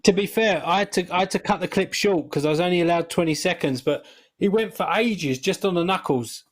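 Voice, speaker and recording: Easygoing man with a high voice. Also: brisk. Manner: easygoing, chuckling. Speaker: co-host presenting clips. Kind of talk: casual chat show banter.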